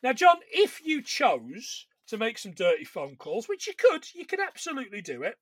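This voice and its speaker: A man's voice: sits high, wildly swooping pitch, normal speed, fairly bright tone, no room sound. A man co-hosting a casual podcast chat, a rambling storyteller who restarts and laughs as he goes. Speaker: podcast co-host. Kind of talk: casual chat about films.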